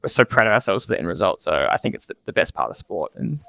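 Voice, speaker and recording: A man's voice: sits low, lively intonation, quick pace, creaky, fairly bright tone, no room sound. A young man co-hosting a podcast, talking with energy and enthusiasm. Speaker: podcast co-host. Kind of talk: podcast conversation.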